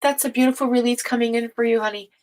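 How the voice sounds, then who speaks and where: A woman hosting a tarot reading livestream, talking casually and affectionately to viewers, with many fillers, sighs and soft laughs. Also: a little high, steady tone, fast, poor audio. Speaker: tarot reader and livestream host.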